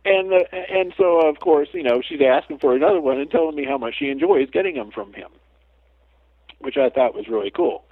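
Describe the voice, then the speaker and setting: A man's voice: fairly high pitch, expressive, brisk, no echo. A man being interviewed as a guest, an animal communicator who tells his anecdotes animatedly. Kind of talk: storytelling in a podcast interview. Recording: tinny phone-like line.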